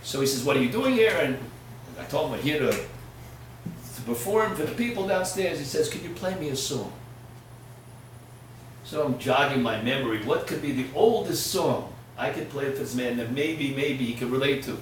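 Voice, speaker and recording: A man giving a sermon as a rabbi, telling a story, swinging from hushed asides to loud, emphatic peaks. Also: mid-range voice, lively intonation, normal speed, a little hiss or hum. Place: lecture hall. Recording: echoey hall, from far off.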